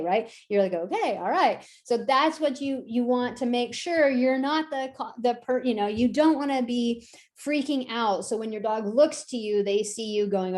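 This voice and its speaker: A woman's voice: on the high side, normal speed, a little mellow. A woman teaching a dog-training workshop in a conversational way, often adding "right?" and acting out quoted voices. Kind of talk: online workshop talk.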